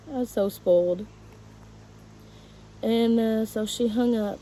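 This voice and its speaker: A woman, a teacher, telling a painful personal story to her viewers in a halting, emotional way. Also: fairly high pitch, dark tone, slight background noise, low-quality recording.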